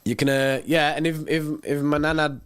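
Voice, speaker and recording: A man's voice: fairly high pitch, steady tone, normal speed, clean tone. Laid-back man hosting a livestream. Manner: laid-back, chatty, reads out viewer comments. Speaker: fan channel livestream host. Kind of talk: casual livestream chat.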